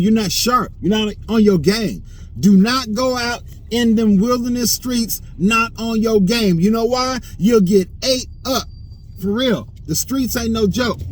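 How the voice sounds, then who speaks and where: High-voiced man preaching over traffic. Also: poor audio. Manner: slangy, keeps asking "you dig?"; emphatic, repetitive. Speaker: online preacher. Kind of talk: motivational street-style preaching.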